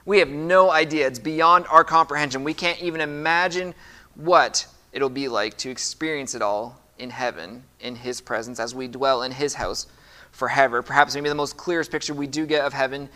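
A man's voice: mid-range voice, normal speed, sharp tone. A man preaching a sermon as pastor, reading scripture aloud with emphasis and putting questions to the congregation.

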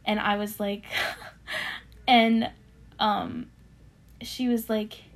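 A young woman casually telling a personal faith testimony on a podcast, animated and full of fillers, acting out what others said. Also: medium pitch, extremely slow. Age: young adult. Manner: animated storyteller with many fillers, acting out quoted voices. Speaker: podcast co-host sharing a testimony.

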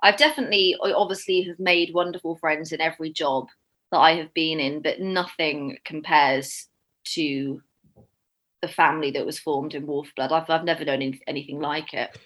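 A young woman guesting as an actress in a relaxed video-call interview has a deep, steady, fairly bright voice and speaks at a moderate pace. Her manner is chatty and emotional, with laughter breaking through tears.

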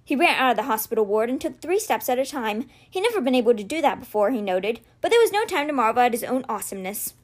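Woman reading a kids book aloud, steady gentle storytelling, kinda high voice. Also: quick pace, hardly any pauses. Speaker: read-aloud podcast host. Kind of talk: reading a children's novel aloud.

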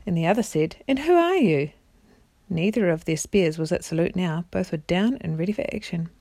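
A parent, a woman with a lowish voice, narrates a children's storybook a little fast and in a steady tone, with minor stumbles and an occasional throat-clear. The recording is clean studio audio without any room sound.

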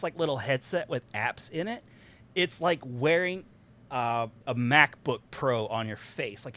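A man hosting a podcast, talking in an animated, rambling casual way and laughing often. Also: medium pitch. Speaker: podcast host. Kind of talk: excited casual chat.

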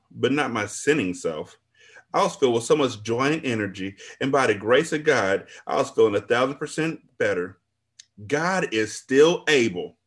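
A man's voice: medium pitch, lightly acted. A man reading a book aloud as its first-person narrator, an older woman looking back on her life with relief and regret.

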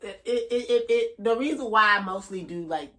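A man in his thirties, a stand-up comedian chatting on a podcast, laid-back and halting, laughing often. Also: high voice, crowd noise. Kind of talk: casual podcast chat.

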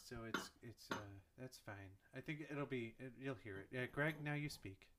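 Bright-voiced man hosting a chat. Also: medium pitch, slight background noise. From Chicago. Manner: halting, stammering reading. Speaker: podcast host. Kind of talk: casual chat. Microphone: studio microphone with headphones.

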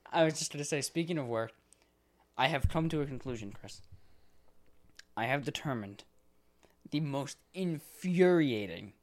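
A young man co-hosting a podcast in casual chat, exasperated and swearing often as he acts out callers. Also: medium pitch. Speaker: podcast co-host.

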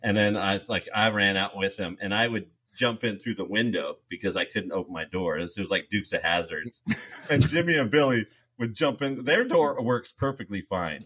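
A man with a somewhat low voice shares stories among friends, giggling often as he goes. The sound is close and dry. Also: normal speed, fairly bright tone, husky, no room sound. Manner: giggly, laughs through his stories. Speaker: podcast co-host. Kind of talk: casual storytelling chat.

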